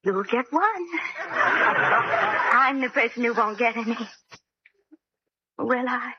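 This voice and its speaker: An actress playing a demure, sweetly flirtatious spinster in a 1940s radio comedy, speaking coyly. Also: female voice, on the high side, expressive, takes it slowly. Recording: hissy lo-fi old radio recording.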